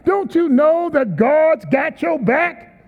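High-pitched lively preacher in an echoing hall. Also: male voice, slow pace. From Washington, D.C. area. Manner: emphatic, repeats words and restarts, calls to the congregation. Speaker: pastor. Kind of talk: preaching sermon. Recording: tinny phone-like sound in a long echoing hall.

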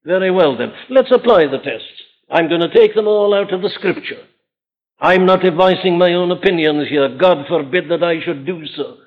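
A man preaching a sermon, earnest and emphatic, asking his listeners rhetorical questions. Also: high voice. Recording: tinny narrow-band archive recording.

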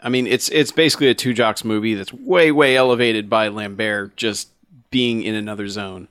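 A man's voice: fairly low pitch, fairly even intonation, moderate pace, a bit bright, smooth, no room sound, studio quality. A man co-hosting a podcast, giving blunt opinions in casual chat. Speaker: podcast co-host. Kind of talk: casual movie-review chat.

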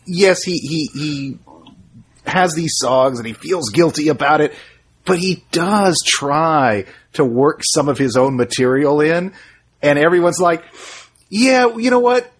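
A man's voice: fairly high pitch, unhurried, slight background noise. A man co-hosting a casual movie review podcast, telling stories and laughing often. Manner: storytelling, laughs often, restarts phrases. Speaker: podcast co-host.

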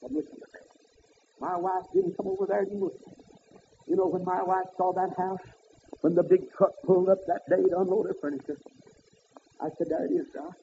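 A man preaching a fiery sermon, swinging up to high shouted peaks. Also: level tone, moderate pace, pauses often, a little hiss or hum. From American South. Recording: tinny phone-like old sermon tape.

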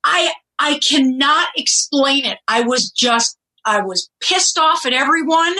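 A middle-aged woman, a guest on a podcast, telling stories in a lively way and laughing often. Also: sits high, unhurried, rough recording. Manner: animated storyteller, laughs often. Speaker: guest, former reality show contestant. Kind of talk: casual podcast interview.

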